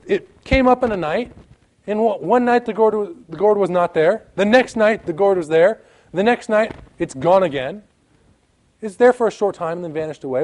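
Male preacher, fairly high pitch, emphatic sermon delivery with scripture readings. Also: darkish tone. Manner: emphatic, rising and falling, reads scripture aloud.

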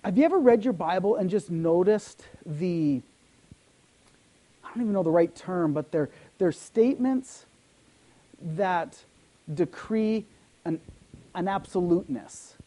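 A man preaching a sermon as pastor. He swings between loud emphatic lines and sudden soft near-whispers, with frequent repeats. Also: high voice, lively intonation, unhurried, long pauses.

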